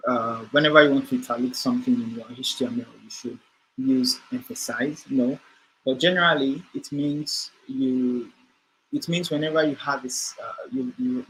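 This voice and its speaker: A man's voice: mid-range voice, a bit bright, a little hiss or hum, rough recording. A man teaching a screen-share coding lesson, talking it through off the cuff with frequent fillers and restarts. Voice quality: hesitant, many fillers and restarts while explaining. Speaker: coding instructor.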